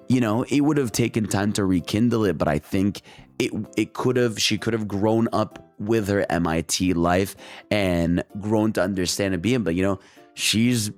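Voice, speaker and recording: A young man giving a casual, excited movie review, rambling with lots of filler words and slang. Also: lowish voice.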